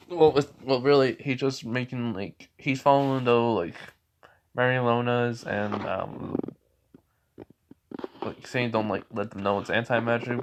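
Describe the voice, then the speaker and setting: A man narrating a fan story in a rambling, halting way, often correcting himself. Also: mid-range voice, steady tone, a little hiss or hum.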